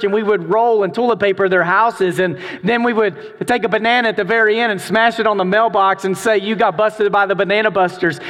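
A middle-aged man preaching a sermon, telling a story with animated delivery and acted-out voices. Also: high voice, big-room sound. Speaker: pastor.

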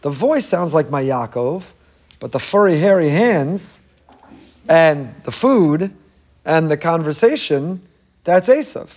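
A man's voice: on the high side, animated, takes it slowly, darkish tone. A man preaching a passionate, emphatic sermon in English that is full of Hebrew phrases. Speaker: rabbi.

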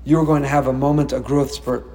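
A man teaching a Torah lecture as a rabbi, animated and acting out dialogue with sudden rises in pitch. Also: brisk, big-room sound.

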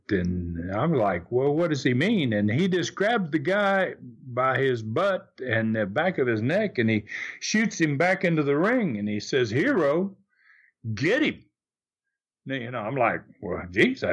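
An older man recounts old memories as a guest in an interview. He talks haltingly and doubles back on his words. His pitch moves up and down a great deal. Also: a bit bright, slightly rough. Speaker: guest, former wrestler. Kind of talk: storytelling in an interview.

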